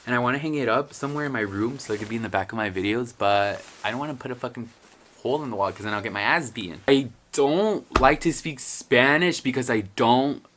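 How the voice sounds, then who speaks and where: Young male vlogger, bright tense voice, crude self-deprecating rambling, faint hiss on a home camera mic. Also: mid-range voice, quick pace. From Mexican heritage, raised in the US. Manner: profane, self-mocking, rambling with bursts of laughter. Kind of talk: casual vlog chat. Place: bedroom at home.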